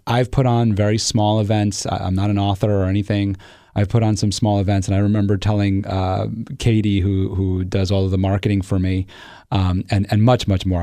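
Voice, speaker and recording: A man's voice: on the low side, warm tone, no echo, clean studio sound. A man hosting a podcast, answering his guest in an earnest, empathetic way with many restarts. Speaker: podcast host. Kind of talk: interview conversation.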